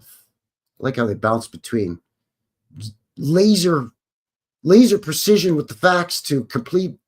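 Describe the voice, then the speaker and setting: A man's voice: mid-range voice, darkish tone. A man hosting a casual live stream, reading text aloud and cutting in with wry, sarcastic remarks to his viewers, often stumbling and restarting.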